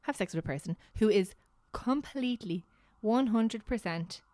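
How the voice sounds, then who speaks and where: A woman hosts a casual podcast chat in a middle-pitched voice. She reads out questions and rambles, restarting often and breaking into giggles. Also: expressive, moderate pace, warm tone. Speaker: podcast host.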